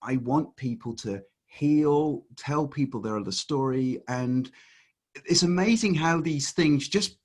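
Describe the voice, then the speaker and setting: A man being interviewed as a life coach, speaking earnestly with halting restarts. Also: on the high side. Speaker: guest, life coach and author. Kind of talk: casual interview chat.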